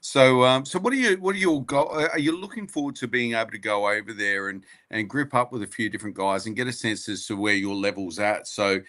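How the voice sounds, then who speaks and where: Low-voiced man asking halting questions. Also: a bit bright. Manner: halting, many fillers, chuckling. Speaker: co-host interviewer. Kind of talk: casual interview chat.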